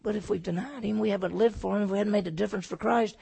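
Gravelly, husky preacher man. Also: sits high, fairly even intonation, very fast. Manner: swings from loud emphatic preaching to hushed, near-whispered lines; asks the congregation questions and answers them himself. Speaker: pastor. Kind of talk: sermon.

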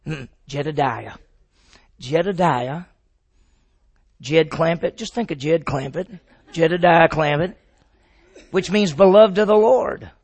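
Gravelly, husky man telling a Bible story. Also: on the high side, slow pace, pauses often. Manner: animated retelling, quizzes the class. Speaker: Bible teacher.

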